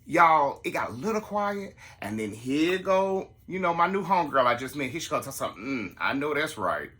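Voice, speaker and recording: A man, telling a story to his listeners in a casual, animated way and acting out the quotes. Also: brisk. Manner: animated, acts out the quotes in a higher voice. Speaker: podcast host telling a story.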